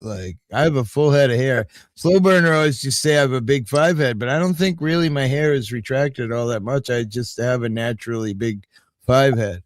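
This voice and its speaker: A man's voice: medium pitch, normal speed, no room sound. An older man hosting a casual livestream, rambling through stories and swearing freely. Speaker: livestream host.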